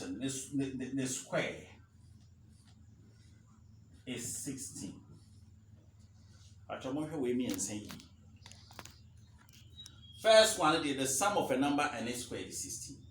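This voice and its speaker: A man teaching a math lesson, slowly repeating key phrases for emphasis. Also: fairly high pitch, big pitch swings, fairly bright tone, recorded from a distance, slight background noise. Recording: roomy echo, faint ambience.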